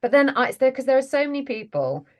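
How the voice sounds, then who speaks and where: A woman's voice: high voice, sing-song, quick pace, a little mellow. A woman, a voice actress chatting casually as an interview guest, laughing often and self-deprecating.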